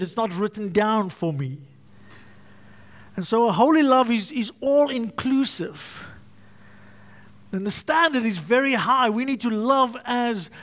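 A man's voice: extremely high pitch, a bit bright. A male pastor preaching a sermon, emphatic and fond of repetition and alliteration.

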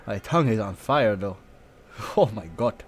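A man's voice: fairly low pitch, expressive, unhurried. A man on a live stream, coughing, sniffling and drooling as he talks casually, cursing freely and wincing in pain.

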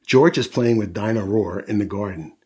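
A man's voice: on the low side, normal speed, a little mellow, breathy edge. A man reading a picture book aloud to children as a storyteller, adding friendly asides to young listeners.

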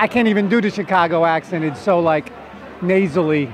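Speaking briskly in a high-pitched voice, a New Jersey-accented actor guest stays playful, flirty and joking in an outdoor red carpet interview. Crowd chatter sits in the background along with a little hiss or hum.

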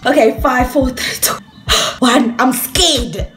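A young woman hosting a reaction video, rambling and swearing, shrieking with excitement. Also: high-pitched, takes it slowly, a little hiss or hum. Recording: echoey room with music playing.

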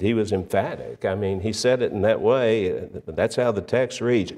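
A man preaching a sermon, measured and emphatic, often pausing on fillers and restarting his phrases. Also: on the low side, darkish tone. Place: church sanctuary. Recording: long church reverb.

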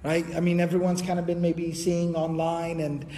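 A man giving an Islamic history lecture, telling the story in a lively way and quoting Arabic before translating it. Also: on the high side, normal speed, in a large hall, slight background noise.

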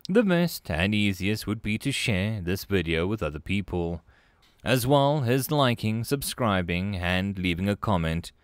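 Male audiobook narrator: expressive, lively pitch, dry booth sound. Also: a little slow, smooth, no echo. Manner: expressive storytelling.

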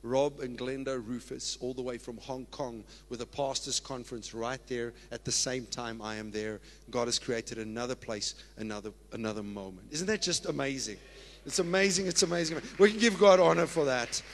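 A South African man, a pastor, preaching a sermon in an excited, emphatic way. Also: mid-range voice, moderate pace, a little hiss or hum. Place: church. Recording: long reverb of a church hall.

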